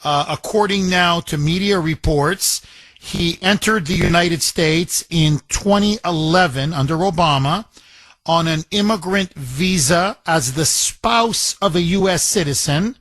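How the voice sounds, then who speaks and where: A man's voice: a little high, unhurried, a bit bright, dry recording. A man hosting a talk radio show, firing pointed questions at a caller.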